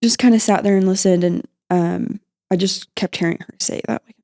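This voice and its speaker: A young woman guest on a podcast, recounting her mother's hospital visit in a halting, emotional way, with many fillers and restarts. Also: mid-range voice, fairly even intonation, gravelly, warm tone. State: emotional, near tears at times. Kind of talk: emotional personal storytelling.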